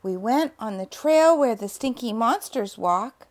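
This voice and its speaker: A woman's voice: medium pitch, huge pitch swings, takes it slowly, heavily acted. A woman voicing a tired, earnest little male lion cub in a bedtime story.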